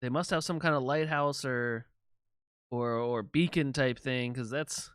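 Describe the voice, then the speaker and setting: A man's voice: medium pitch, a little slow, fairly bright tone, smooth, no echo, studio quality, pitched below the performer's own voice, natural voice. A man playing a ship captain in a tabletop game, asking eager, upbeat questions. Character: male ship captain steering toward land.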